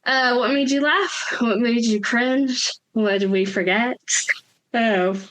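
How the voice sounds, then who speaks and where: Female podcast host, brisk friendly sign-off, mid-pitched, casual. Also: fairly bright tone, rough recording.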